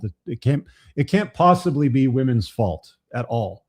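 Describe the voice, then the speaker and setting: A man's voice: mid-range voice, big pitch swings, moderate pace, darkish tone, breathy edge. A man hosting a live commentary show, talking bluntly with frequent profanity. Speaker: host.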